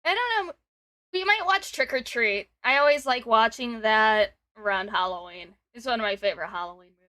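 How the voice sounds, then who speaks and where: This twenty-something streamer host giggles a lot, reads chat aloud, and talks over her guest on a casual stream. She speaks fairly quickly in a slightly high, animated voice with a sharp tone and no echo.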